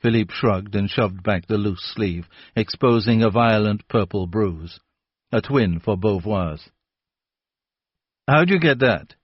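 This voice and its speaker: Male narrator for a mystery audiobook, steady and unhurried, dull dry recording. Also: on the low side, no room sound. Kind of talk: scripted narration.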